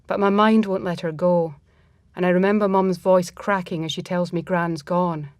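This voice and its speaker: A woman reads a first-person story aloud in a reflective, measured way. Her voice sits fairly low, and the recording is dry and close, with no room sound. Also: steady tone, a little mellow, dry recording.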